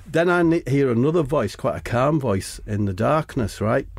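Lively man telling tall tales. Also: mid-range voice, moderate pace, dry recording. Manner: boastful, deadpan, rambling. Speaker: comedy podcast host. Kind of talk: rambling comic storytelling.

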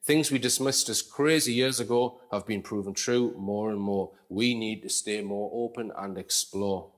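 A man's voice: fairly low pitch, normal speed. A man giving explanatory commentary in a conversational way, reading quotes aloud with asides.

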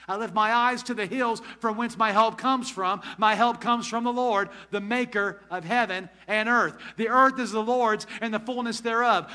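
Male pastor, high bright voice, emphatic sermon delivery in church. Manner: emphatic preaching, asks the congregation questions. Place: church sanctuary.

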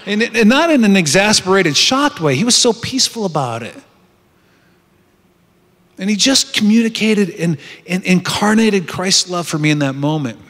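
With a high, very animated voice that's a bit bright, a man speaks at normal speed while giving an earnest personal testimony at a retreat. He restarts frequently, and the conference hall adds a long reverb to the recording.

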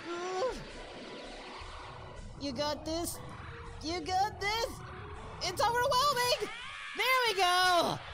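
A performer voicing Goku, an excitable young male martial-arts hero, cheering and shouting through in-character reaction commentary. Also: very high voice, noisy background, exaggerated voice. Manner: hyped, shouting, cheering at the screen. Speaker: reaction channel host. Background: music.

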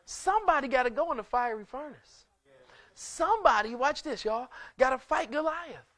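A male pastor preaching with a very high, bright voice that swings widely as he pushes the congregation. He keeps circling back to the same rhetorical questions and breaks into shouts. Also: lively intonation, moderate pace. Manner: call-and-response preaching, repeated rhetorical questions, sudden shouts. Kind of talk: sermon.

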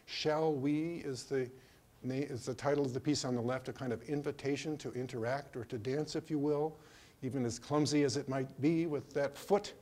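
An older man giving a slide lecture on his own work, speaking in a hesitant way with many pauses and restarts. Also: medium pitch, fairly even intonation, darkish tone. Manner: hesitant, full of ums and restarts. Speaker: artist giving a museum talk.

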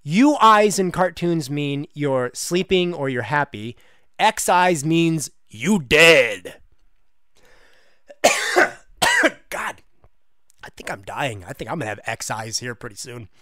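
A man hosting a gaming channel, giving casual, sarcastic commentary with loud outbursts of disbelief. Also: on the high side, unhurried, no room sound. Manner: animated, exclamatory, sarcastic asides. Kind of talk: casual let's-play commentary.

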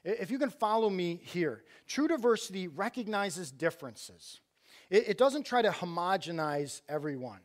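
A man's voice: sits high, animated, moderate pace. A middle-aged man preaching a conversational sermon in a church, arguing with rhetorical questions and often restarting his sentences. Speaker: church outreach director preaching.

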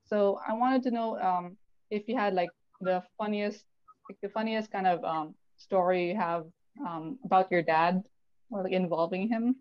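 A woman from the Philippines asks questions on a video call, pausing often and filling gaps with ums and likes. Her audio sounds dull and dry, with no room sound. Her pitch sits in a middle range. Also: smooth, no echo. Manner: hesitant, many fillers. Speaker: fan asking questions. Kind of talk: casual video chat. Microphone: video call mic.

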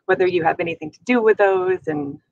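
Gravelly woman interviewer, dull lo-fi sound. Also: medium pitch, lively intonation, no room sound. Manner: polite, measured questioning. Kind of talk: interview questions.

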